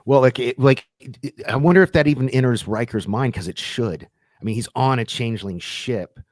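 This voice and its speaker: A man hosting a casual live-stream chat, retelling scenes with lively acted-out quotes. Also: medium pitch, brisk, no echo. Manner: animated retelling, acting out quoted lines. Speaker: host.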